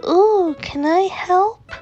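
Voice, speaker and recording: A woman's voice: high voice, slow, vocal fry, a little mellow, highs cut off, soft background music, pitched above the performer's own voice, exaggerated voice. A woman voicing a small, eager and curious boy fox pup with a childlike, whiny way of pleading.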